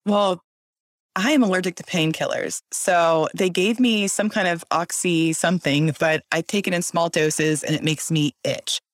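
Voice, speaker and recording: A woman telling a story in casual chat as a guest, animated and acting out voices. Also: fairly low pitch, normal speed, dry recording, studio quality. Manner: animated, acts out voices in her stories.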